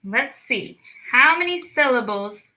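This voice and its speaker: A young woman teaches young children in a bright, clear voice. She speaks slowly and draws each word out so small listeners can follow, and she praises them warmly as she goes. Her pitch sits a little high. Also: expressive, poor audio. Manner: slow, drawn-out words for children, encouraging. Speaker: speech clinic storytime teacher. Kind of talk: children's lesson, clapping out syllables.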